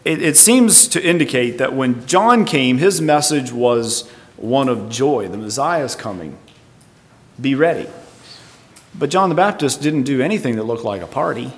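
A man's voice: mid-range voice, expressive, measured pace. A man preaching a Bible teaching sermon, explaining verse by verse in a thoughtful, tentative way. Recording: long reverb.

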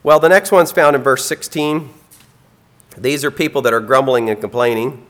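A man preaching a sermon in an earnest, plain-spoken way, with frequent ums and some throat clearing. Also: mid-range voice, moderate pace, a bit bright.

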